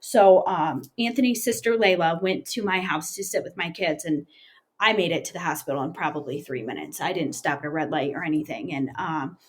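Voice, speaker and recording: A woman in her thirties, an interview guest, recounting a personal story in a plain, halting way with many fillers. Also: low voice.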